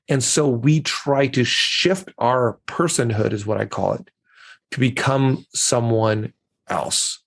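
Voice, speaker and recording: A man with a gravelly, fry-touched voice at a middle pitch talks as a communication coach on a podcast. He tells stories and acts out the people in them, his voice jumping up in pitch for the quoted lines. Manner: storytelling, acts out quoted dialogue with lively jumps in pitch. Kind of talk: conversational interview answers.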